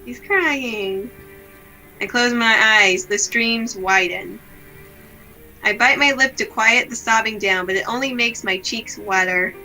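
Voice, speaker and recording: A woman reading aloud the lines of a gloomy, self-blaming young woman from a visual novel, in a slow, subdued, melancholy way. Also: fairly high pitch, pushed and bright, faint music behind, full character voice, low-quality recording.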